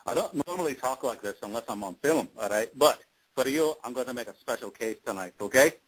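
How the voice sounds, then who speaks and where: A man putting on a Scottish accent to voice a gruff, hearty starship engineer in a playful way. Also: mid-range voice, animated, a little fast, rough recording. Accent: put-on Scottish.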